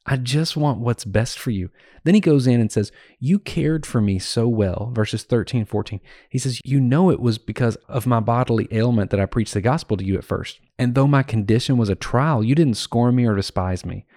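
Earnest man teaching scripture, warm dry voice. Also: mid-range voice, no room sound. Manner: earnest, explains and paraphrases verses conversationally. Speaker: podcast host teaching scripture. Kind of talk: Bible teaching podcast.

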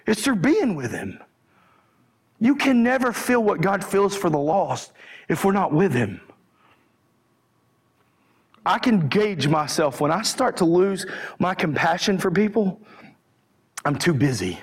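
A man's voice: sits high, a little slow, pauses often, breathy edge. A man preaching a sermon, fervent at times and conversational at others. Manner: shouting and fervent, then calmer and conversational.

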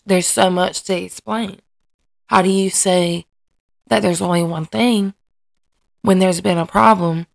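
A woman's voice: lowish voice, vocal fry, no room sound. A woman hosting her own podcast, talking candidly and hesitantly about her life, often restarting and searching for words. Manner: earnest and emotionally open. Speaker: podcast host and mother. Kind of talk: candid personal podcast monologue.

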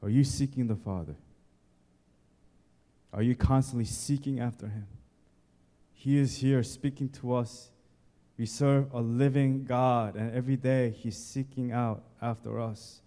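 A man's voice: mid-range voice, fairly even intonation, unhurried, warm tone. A male pastor preaching a sermon, addressing the congregation directly and driving points home by repeating key words and lists. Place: church sanctuary. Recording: long church hall reverb.

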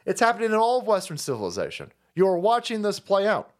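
A man's voice: high voice, wildly swooping pitch, fast. A man ranting on his stream in political commentary, profane and mocking, swearing freely. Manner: profane, mocking, mimics opponents in silly voices. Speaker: streamer host.

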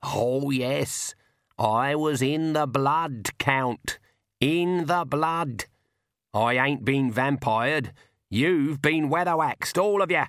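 A man's voice: medium pitch, slow pace, no echo. A man voicing a stern shrewd old witch woman. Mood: calm, cutting. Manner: dry, calm, cutting.

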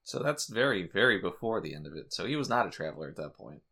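A man's voice: deep voice, big pitch swings, quick pace, vocal fry, bright, forceful tone. Joking man co-hosting a podcast. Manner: crude joking banter. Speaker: podcast co-host. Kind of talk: casual comedic podcast chat.

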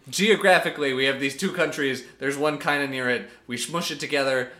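A man's voice: medium pitch, normal speed, sharp tone. A man co-hosting a podcast, casually recapping a reality show, joking, laughing often and acting out scenes. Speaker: podcast co-host.

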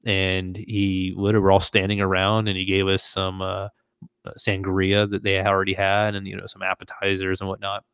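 A man hosting a podcast, telling a travel story in a casual, animated way and acting out the voices of the people in it. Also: low voice, brisk, smooth, dry recording. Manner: animated, acts out quoted voices. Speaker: podcast host.

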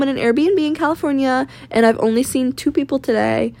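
A woman's voice: high voice, fairly even intonation, brisk, vocal fry, hardly any pauses. Twenties woman from Maine, confessional vlogger, fried voice, blunt and rambling. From Maine, USA. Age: 20s. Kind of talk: candid personal vlog rant. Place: rented room at home.

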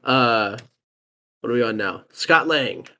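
A man's voice: medium pitch, expressive, slow, sharp tone. A man co-hosting a casual podcast, running through the picks and asking questions between giggles. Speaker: podcast co-host running the list. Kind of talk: casual group chat.

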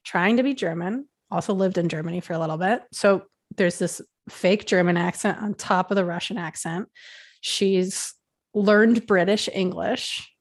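A woman's voice: on the low side, moderate pace. A woman in casual chat, reviewing a TV series and thinking aloud with lots of "like". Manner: chatty, thinks aloud with frequent "like".

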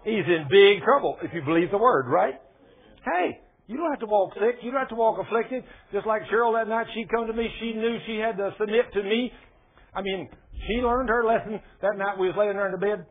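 A man preaching a sermon in a folksy, colloquial way, telling animated personal stories to his listeners. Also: high-pitched, fairly quick. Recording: tinny phone-like radio broadcast.

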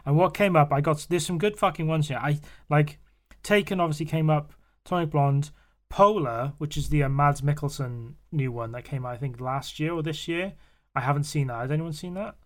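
A man's voice: fairly high pitch, fairly quick. Laughing, swearing man chatting. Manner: swearing, laughing, acting out quotes. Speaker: podcast co-host. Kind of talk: casual chat.

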